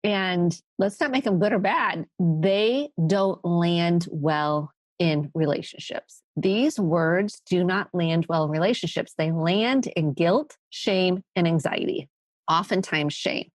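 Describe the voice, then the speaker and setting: A woman's voice: on the low side, slow, no echo. A woman therapist hosting a solo podcast. She talks in an earnest, emphatic way and acts out quoted phrases.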